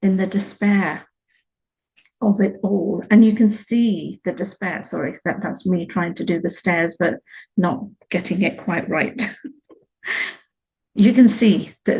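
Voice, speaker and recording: Woman tarot reader, warm low-key delivery, chatty and laughing, slightly muffled recording. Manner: chatty, laughs easily, playful sarcastic asides to viewer. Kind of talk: intuitive tarot reading to camera.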